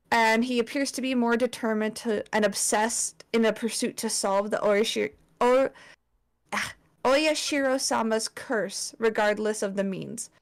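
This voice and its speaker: A woman's voice: on the high side, gravelly. A young woman presenting a slideshow to friends in casual chat, swearing often and filling with likes and ums. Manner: chatty, swears, lots of fillers.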